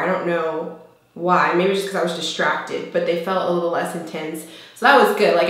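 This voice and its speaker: A young woman vlogger telling a personal story to camera in a casual, chatty way, jumping up high when she acts out quoted lines. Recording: very echoey room.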